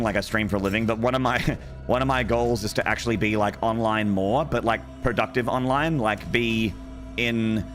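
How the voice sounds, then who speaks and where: A man with a fairly low, slightly bright voice streams a game live and chats with his viewers. His talk rambles, cuts itself off, and stays playful throughout.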